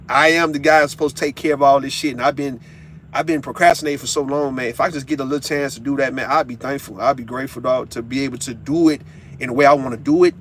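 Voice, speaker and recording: A man's voice: on the high side, a bit bright, a little hiss or hum. Heartfelt, profane man talking in a car. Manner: heartfelt, profane, repeats words. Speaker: vlogger. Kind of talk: emotional monologue while driving.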